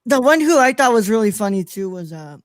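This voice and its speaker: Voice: mid-range voice, sing-song, a little fast, dry recording, clean studio sound. A podcast co-host in casual chat, enthusiastic and stumbling over restarts.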